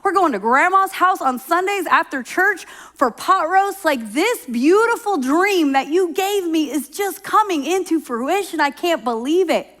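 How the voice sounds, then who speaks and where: Woman pastor, middle-aged, high voice, chatty sermon delivery with acted-out quotes. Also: lively intonation, unhurried, few pauses, a bit bright. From Oklahoma. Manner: conversational storytelling, acts out quoted voices.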